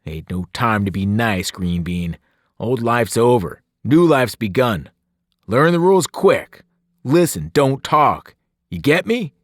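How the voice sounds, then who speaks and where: A man voicing a blunt, gruff teenage boy leader who talks in rough slang. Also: medium pitch, very animated, slow, no echo, clean studio sound. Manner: slangy, dropping words, rough.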